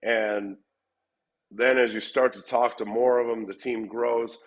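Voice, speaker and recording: A man's voice: medium pitch, steady tone, unhurried, poor audio. A middle-aged man, a fight gym coach, answering interview questions in a rambling way, often restarting and repeating words. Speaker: MMA gym head coach.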